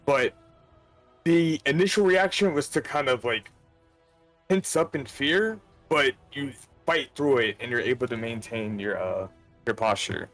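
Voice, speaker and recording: A man's voice: medium pitch, a bit bright, soft background music. Man narrating as game master. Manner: casual, halting narration with fillers.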